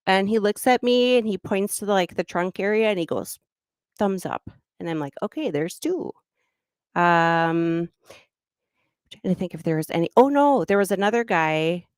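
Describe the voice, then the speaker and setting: Middle-aged Minnesotan woman, livestream host, smooth clear voice close and dry, casual anecdotal chat. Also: mid-range voice, lively intonation, moderate pace, no room sound. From Minnesota, USA. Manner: chatty, laughs between anecdotes. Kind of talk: casual storytelling.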